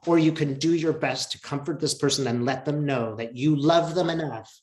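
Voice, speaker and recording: A man in an interview, telling a personal story in an earnest, emotional, reflective way with many pauses and fillers, heard over a video call. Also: on the high side, a little mellow. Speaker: interview guest. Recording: roomy echo.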